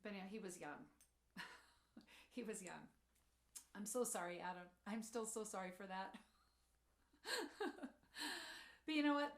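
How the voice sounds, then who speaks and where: Storytelling woman in an echoey room. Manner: storytelling, acts out quotes, drops soft and low for tender moments. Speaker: speaker. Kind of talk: motivational talk with personal stories.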